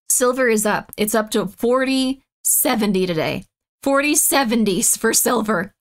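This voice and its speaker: A woman streamer chatting casually with her live chat, excitable and mock-outraged, swinging between loud bursts and muttered asides. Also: fairly high pitch, moderate pace.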